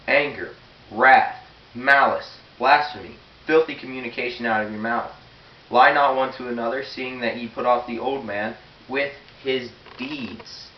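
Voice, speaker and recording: A teenage boy giving an earnest, blunt sermon and reading scripture aloud. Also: medium pitch. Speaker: youth preacher. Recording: roomy, dull, hissy, far from the mic.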